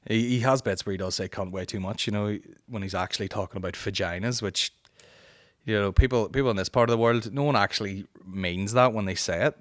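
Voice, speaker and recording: Sweary Northern Irish man, low voice. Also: no room sound, clean studio sound. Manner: rambling, profane, with quick mocking impressions. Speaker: podcast host answering listener questions. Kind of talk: casual chat.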